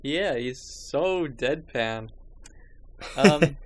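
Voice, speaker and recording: A man's voice: fairly high pitch, expressive, very slow. A man hosting a podcast in casual chat, with wry, sarcastic remarks and laughing asides. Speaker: podcast host.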